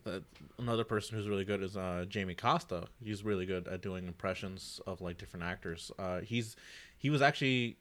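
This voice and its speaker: A man with a lowish voice and a bright, tense tone, chatting casually. He rambles, circling back with fillers as he thinks aloud. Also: a little fast. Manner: easygoing, rambling with many fillers. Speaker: podcast co-host. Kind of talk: casual chat.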